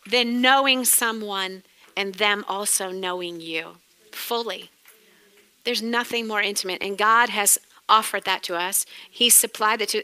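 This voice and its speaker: A middle-aged woman with a New England accent teaching a sermon in a chatty way, laughing often and breaking into lively exclamations. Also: fairly high pitch. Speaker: Bible teacher.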